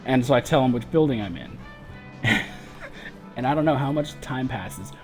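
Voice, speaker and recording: A man on a gaming livestream ranting about work in a loose, swearing, frustrated way, with laughs breaking into his story. His voice sits at a middle pitch for a man. Faint game music plays behind him. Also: animated, moderate pace. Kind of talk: casual storytelling rant.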